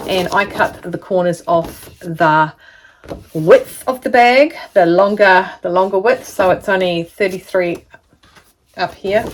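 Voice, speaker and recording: A woman's voice: fairly low pitch, background noise. A middle-aged woman chatting casually through a sewing tutorial, rambling into stories and asides. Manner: chatty, rambling, full of asides and little laughs. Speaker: sewing vlogger.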